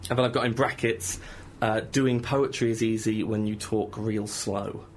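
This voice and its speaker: A man's voice: on the low side, fairly even intonation, moderate pace, a little hiss or hum. A man hosting a comedy radio show in a studio, teasing his guest and then reading his own rhyming rap poems with mock-boastful swagger. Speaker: radio host. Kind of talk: comic radio banter and rap poetry reading.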